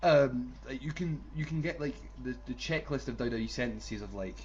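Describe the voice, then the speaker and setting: A man co-hosting a casual wrestling podcast swears and laughs while mocking commentators. He speaks at normal speed with a medium-pitched voice, and the audio is dull and lo-fi with faint noise.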